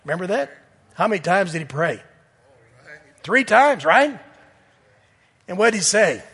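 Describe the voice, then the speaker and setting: A man preaching a sermon in earnest, swinging from loud appeals to hushed near-whispers. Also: high-pitched, big pitch swings, unhurried, slightly rough, long reverb tail.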